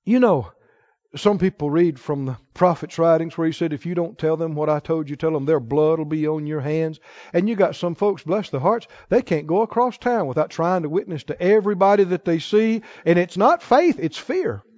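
High-voiced folksy male preacher. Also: normal speed, darkish tone, no echo, muffled recording. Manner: folksy, emphatic, quotes God in a sterner lower voice. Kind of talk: sermon with storytelling.

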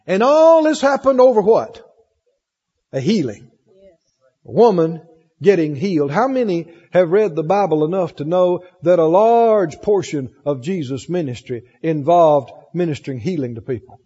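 A man preaches in a high, lively voice, its tone mellow and slightly husky, reading scripture and asking his congregation questions. He sounds like an old, dull sermon tape recorded in a church with a long reverb. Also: a little slow. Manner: animated preaching, reads scripture aloud, asks the congregation questions. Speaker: pastor.

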